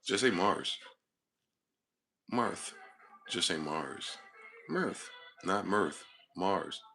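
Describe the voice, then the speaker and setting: A man's voice: deep voice, animated, extremely slow, sharp tone, husky, faint music behind. A man hosting his own channel, talking alone in a rambling, profane monologue built on wordplay. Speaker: channel host. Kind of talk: solo monologue to camera.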